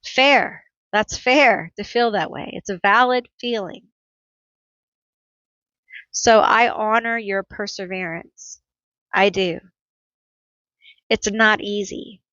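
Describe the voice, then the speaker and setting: A woman's voice: mid-range voice, slow, long pauses, bright, forceful tone, dry recording, dull audio. A woman reading tarot cards for her viewers, talking to them directly with empathy. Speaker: tarot reader. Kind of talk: pick-a-card tarot reading.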